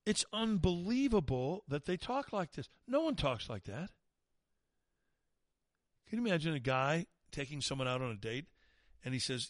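A man's voice: a little high, big pitch swings, moderate pace, pauses often, no room sound. A man hosting a talk radio show, ranting in an indignant, sarcastic monologue into a studio microphone.

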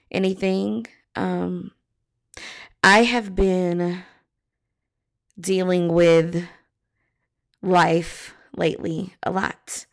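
A woman hosting her podcast, talking frankly and reflectively with many pauses; she sounds tired. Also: on the low side, gravelly. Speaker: podcast host. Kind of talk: candid podcast monologue.

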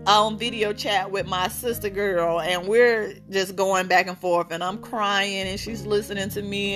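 A woman in her thirties hosts her own podcast and tells a personal story candidly. She speaks with emphasis at a medium pitch and repeats phrases to stress her point. Plucked guitar music plays clearly behind her. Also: a bit bright. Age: 30s. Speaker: podcast host.

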